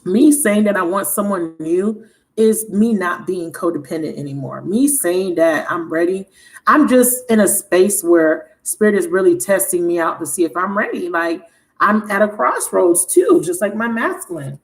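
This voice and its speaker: A woman's voice: fairly low pitch, lively intonation, moderate pace, rough recording. A woman hosting a tarot livestream, talking frankly and animatedly, swearing freely and laughing often. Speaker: tarot reader and channel host. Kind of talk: candid livestream chat.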